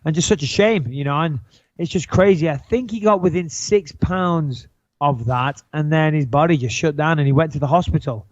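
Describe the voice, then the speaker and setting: A man's voice: on the high side, moderate pace, no echo, highs cut off. A man co-hosting a podcast in casual chat, blunt and joking, swearing freely. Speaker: podcast co-host.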